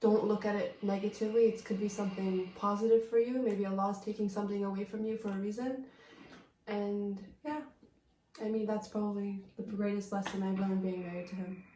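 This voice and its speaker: A woman's voice: medium pitch, steady tone, brisk, warm tone. A young woman talks in a loose, chatty way and fills her sentences with "like". Her voice carries a roomy echo, with a faint hiss of noise underneath. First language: Vietnamese. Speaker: vlogger, wife. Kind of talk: casual Q&A chat. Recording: echoey room.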